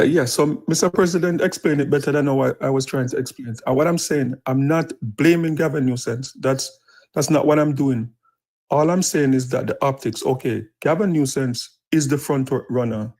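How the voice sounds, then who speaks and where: A man's voice: medium pitch, moderate pace, darkish tone, poor audio. Jamaican man making his point. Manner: earnest, explains and restates his point. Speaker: panelist. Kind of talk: live podcast panel discussion.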